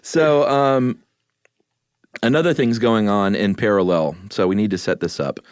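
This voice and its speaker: Podcast guy, lowish voice, laid back storytelling, dry close mic. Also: measured pace, smooth, no room sound. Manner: relaxed storytelling, with fillers. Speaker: podcast co-host. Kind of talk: casual chat.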